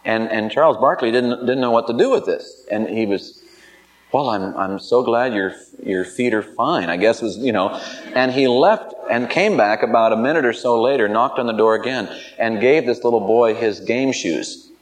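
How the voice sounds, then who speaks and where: A man's voice: mid-range voice, normal speed, rough recording. Man preaching with stumbling restarts. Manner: storytelling with many restarts and repeated words; rising, more emphatic when exhorting. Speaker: pastor. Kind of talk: sermon.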